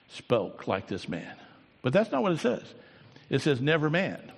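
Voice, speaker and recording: A man preaching a sermon, swinging between quiet, drawn-out lines and loud, raised bursts. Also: medium pitch, big pitch swings, gravelly, husky. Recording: long hall reverb.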